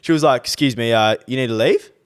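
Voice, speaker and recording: A man's voice: medium pitch, fast talker, smooth. A young Australian man co-hosting a podcast, telling a rambling, sweary story in casual chat. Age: young adult. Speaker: podcast co-host.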